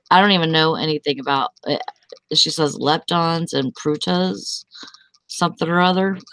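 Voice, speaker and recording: A woman's voice: sits low, fairly bright tone, a little hiss or hum. A woman on a group video call, chatting casually and easygoing, laughing often. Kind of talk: casual chat.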